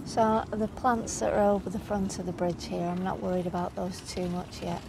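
A woman painter talks cheerfully while she works outdoors by a canal. Her delivery is relaxed and chatty. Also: mid-range voice, moderate pace, vocal fry, over loud music, rough recording. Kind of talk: casual chat and storytelling.

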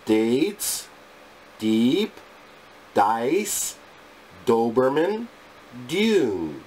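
A male English teacher reciting phonics sounds and words one at a time in a deliberate, clipped drill. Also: medium pitch, big pitch swings, a little mellow, slight background noise.

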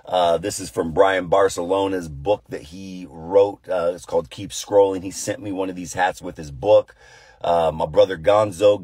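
A pastor praying and then talking casually about scripture, with a deep, tired voice and an earnest, conversational manner full of fillers and restarts. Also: male voice, a little mellow, slightly rough, no echo. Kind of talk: prayer and casual devotional talk.

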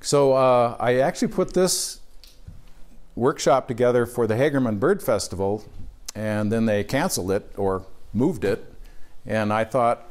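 An older man from Wisconsin gives a relaxed, chatty birding workshop to a live audience, chuckling at his own stories between frequent fillers. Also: lowish voice, moderate pace. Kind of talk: casual lecture to a live audience.

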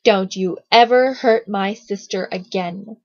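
A woman's voice: on the high side, normal speed, breathy edge, no echo. A woman reading an indignant twelve-year-old boy. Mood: firm. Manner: firm, exasperated. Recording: dull lo-fi recording.

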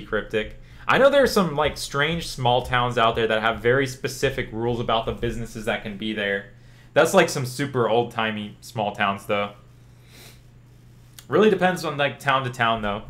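Medium in pitch and moderate in pace, a young Louisiana man talks with his stream viewers in a relaxed, rambling way. He responds to questions from chat and fills his speech with "like".

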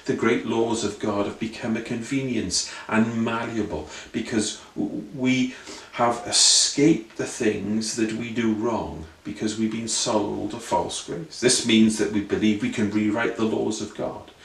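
A man's voice: lowish voice, fairly even intonation, a little slow, creaky. A man preaching an earnest sermon full of rhetorical questions and repeated phrases. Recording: roomy sound, voice from a distance.

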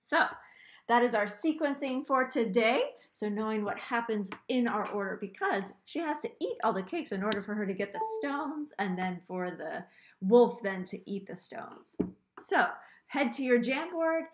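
Patient teacher reading a storybook aloud. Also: female voice, a little high, expressive, normal speed. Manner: patient, explaining, repeats instructions. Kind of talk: reading a storybook aloud and giving instructions in an online class.

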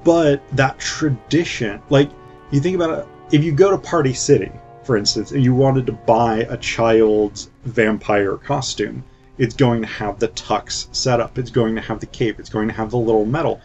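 A man's voice: medium pitch, normal speed, darkish tone. A man talks through an old film in a loose, flippant review, full of "um" and "like". The recording is dull and lo-fi, with faint music under him. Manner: flippant, chatty, with many fillers. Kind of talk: casual film commentary.

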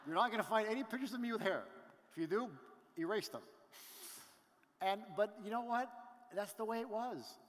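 A middle-aged man from Canada giving an animated motivational talk on stage, telling stories with asides to the crowd. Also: high-pitched, moderate pace, long pauses. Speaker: business event speaker. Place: large event hall. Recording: reverberant hall.

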